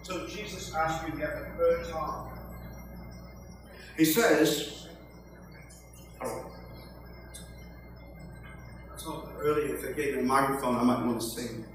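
An older man preaching a sermon, slow and emphatic, with joking asides. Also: on the high side, fairly even intonation, music in the background. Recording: echoey hall from far off.

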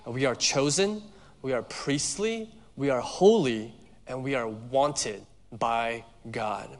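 A man's voice: mid-range voice, slow pace. A male pastor preaching a sermon in a conversational way, weaving in personal stories. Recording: long hall reverb.

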